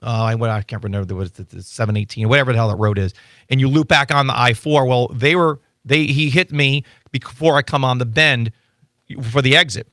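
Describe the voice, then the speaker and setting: A man appearing as an attorney guest, chatting casually in a radio studio and telling animated stories with lots of restarts. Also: mid-range voice, a little fast, dry recording. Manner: animated storytelling with frequent restarts. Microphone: studio microphone.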